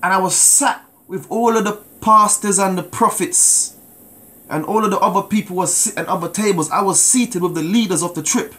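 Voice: medium pitch, normal speed, fairly bright tone. A preacher giving a sermon with a personal testimony, emphatic and repeating words, often calling out to listeners for an amen.

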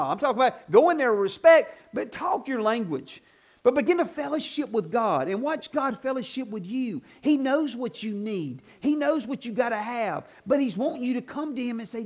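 A high-pitched man preaches in a church. He talks plainly and folksily, pushing into loud, emphatic bursts when he drives a point home. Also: animated, brisk. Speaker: pastor. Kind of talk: sermon. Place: church sanctuary.

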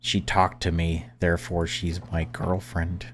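A man narrating his own horror-game playthrough in casual commentary, low-pitched and often hushed. He sounds jumpy and chatty and swears now and then. A faint background hiss runs under his voice. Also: flat delivery, unhurried. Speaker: let's-play gamer.

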